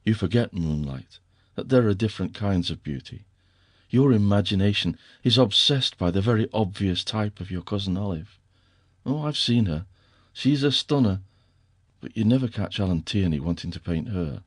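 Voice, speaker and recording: A man's voice: lowish voice, lively intonation, moderate pace, no room sound, studio quality. A male narrator voicing a teasing, affectionate young husband with a wry, fond way of talking.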